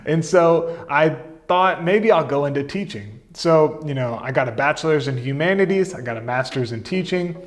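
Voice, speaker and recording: A man in his thirties telling his career story in a relaxed, chatty way, full of fillers and asides. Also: fairly high pitch, normal speed, few pauses, faint music behind. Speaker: content marketing coach. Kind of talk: casual storytelling to camera.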